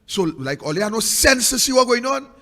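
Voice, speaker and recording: A man's voice: very high-pitched, big pitch swings, a little fast, sharp tone, long reverb tail. A man with a Trinidadian accent hosting a political commentary show, ranting in a fiery, repetitive way that sometimes turns sing-song. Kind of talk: impassioned political monologue.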